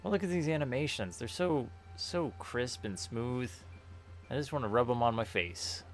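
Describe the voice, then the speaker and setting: A man's voice: mid-range voice, moderate pace, slight background noise. A man streaming a game playthrough, joking casually and reading on-screen text aloud.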